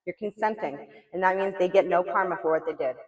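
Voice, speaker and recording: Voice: mid-range voice, quick pace, muffled recording. Echoey, blunt casual tarot reader. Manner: blunt, chatty, swears, lots of "like" and "you know". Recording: echoey room, mic far off.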